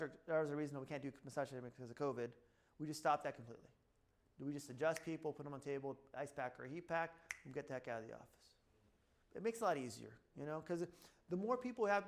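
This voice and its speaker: A middle-aged man, a chiropractor, talking casually to a room and telling stories from his practice, acting out quoted lines and saying "blah, blah" often. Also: fairly high pitch. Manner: storytelling with acted-out quotes, repeats "blah, blah". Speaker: chiropractor speaking at a seminar.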